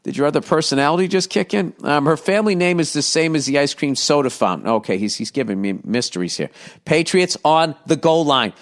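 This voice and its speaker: A man's voice: a little high, lively intonation, brisk. A middle-aged man hosting a casual solo podcast. He reads listener letters aloud, breaks off mid-sentence and adds profane, sarcastic jokes. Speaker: podcast host.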